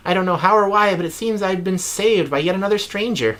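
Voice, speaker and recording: A man's voice: sits high, expressive, brisk, fairly bright tone. A man hosting a let's play, reading in-game text with mock drama and joking asides.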